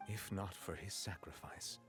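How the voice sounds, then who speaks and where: A stern, formal judge from a video game, a dragon hidden in human form. He speaks slowly and solemnly in a very low voice, choosing each word with care. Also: fairly bright tone, faint music behind. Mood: reflective.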